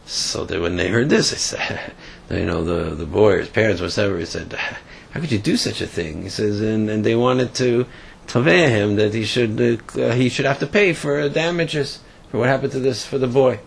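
A man giving a casual Torah lesson, telling a story in a halting way with many fillers and restarts. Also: mid-range voice, steady tone, creaky, a little hiss or hum. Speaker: Torah teacher.

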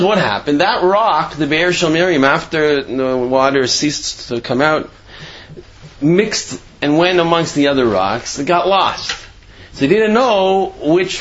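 Brief: male Torah teacher, slightly high voice, very animated delivery, dull lo-fi recording. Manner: animated, acts out quoted speech with shifting voice; conversational, many "you know" asides and restarts. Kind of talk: Torah class explaining Rashi's commentary.

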